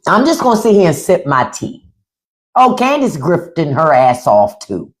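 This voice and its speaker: A woman hosting a casual livestream, talking bluntly and profanely with animated delivery. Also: low-pitched, moderate pace. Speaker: podcast host on a livestream.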